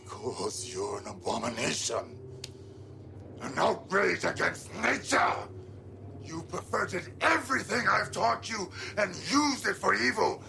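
A grave, condemning voodoo master with a high, gravelly voice. His lines come from a noisy film soundtrack. He speaks with stern authority. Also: sing-song, measured pace, full character voice. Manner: grave, condemning, rising to a shout. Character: stern older male voodoo teacher. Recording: noisy film clip played back.

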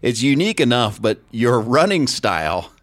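A man's voice: medium pitch, sing-song, moderate pace. A middle-aged man hosting a sports podcast, asking questions with enthusiasm and acting out quotes. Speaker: podcast host, sports reporter. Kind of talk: interview.

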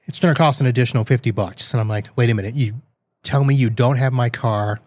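A male podcast host tells a rambling story in a casual, lightly exasperated way. His voice sits at an ordinary middle pitch for a man. The recording is dry and close, with no room sound. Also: fast, darkish tone, no echo. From Florida. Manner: rambling, lightly exasperated anecdote with quoted asides.

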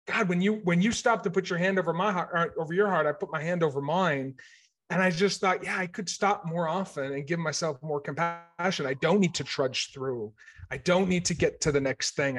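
A man in his forties from Maine, co-hosting a casual chat and reflecting earnestly. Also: on the high side. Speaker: podcast co-host.

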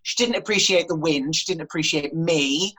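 Young woman, low voice, animated storyteller, swears freely, casual chat. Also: normal speed, slight background noise, rough recording. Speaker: guest, horse rider.

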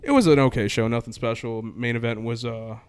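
A man telling a long trip story in casual podcast chat, animated, acting out quoted exchanges. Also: mid-range voice, brisk, clean tone.

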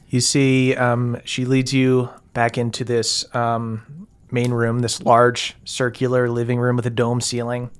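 A man's voice: medium pitch, completely flat delivery, unhurried, clear, resonant tone. A man narrating as game master of a tabletop game, loose and laughing, with plenty of fillers.

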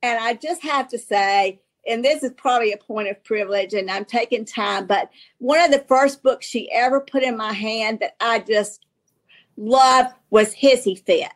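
Chatty Southern woman, higher voice. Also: moderate pace. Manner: chatty, rambling storyteller with many restarts and laughs. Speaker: guest author. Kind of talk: casual conversation on a show.

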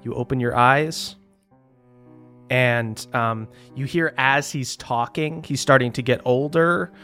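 A man's voice: mid-range voice, takes it slowly, sharp tone, soft background music. A young man running a tabletop game as game master, telling the story dramatically in a loose, swearing, casual way.

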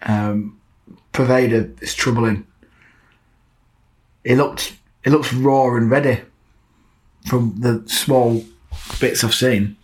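A man's voice: mid-range voice, steady tone, slow, long pauses. Joking man co-hosting football chat. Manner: joking, laughs often. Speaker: podcast co-host. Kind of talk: casual football podcast chat.

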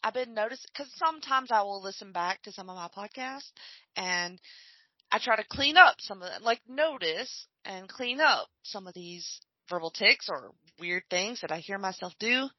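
A woman co-hosting a podcast, musing in casual chat while watching a film, often trailing off softly. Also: mid-range voice, expressive, moderate pace, no echo, muffled recording. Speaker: podcast co-host. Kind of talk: casual chat during a movie watch-along.

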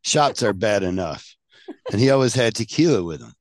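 A man's voice: lowish voice, very animated, moderate pace, no room sound, clean studio sound. Wry man trading jokes in chat. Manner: wry, teasing, self-deprecating jokes. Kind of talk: casual chat.

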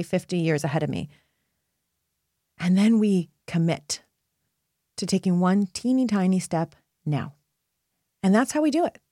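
A woman's voice: lowish voice, darkish tone, no room sound, clean studio sound. A woman hosting her own motivational podcast, speaking earnestly and encouragingly straight to her listeners as a purpose coach.

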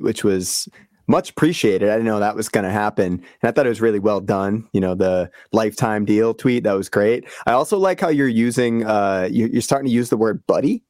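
A man chats on a podcast, spinning an animated story and swearing freely. His voice sits a little low and is recorded dry and close, with no room sound. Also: no echo. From Boston area. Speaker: podcast guest. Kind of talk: casual podcast chat.

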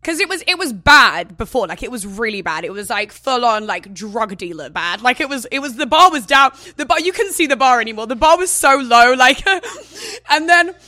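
Bright, chatty woman. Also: fairly high pitch, animated, normal speed, hardly any pauses, no room sound. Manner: chatty, filler-heavy, laughs often. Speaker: guest. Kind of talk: casual candid chat.

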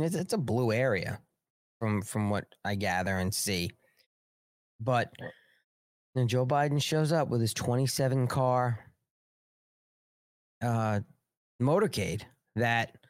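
A man's voice: mid-range voice, darkish tone, no room sound, clean studio sound. A man hosting a casual live political show, rambling and sarcastic with frequent swearing. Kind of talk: casual live-stream commentary.

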